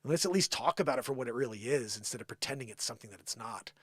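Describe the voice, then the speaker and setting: Animated man ranting on a live show. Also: mid-range voice, racing, husky, no room sound, studio quality. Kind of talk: opinionated live-stream monologue.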